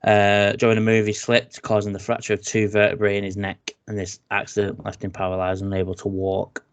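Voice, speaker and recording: A man with an English accent hosts a casual chat show and reads news items aloud. His voice sits fairly low, and he stumbles into restarts and filler words as he goes. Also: completely flat delivery, a little fast, smooth. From England. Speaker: podcast host.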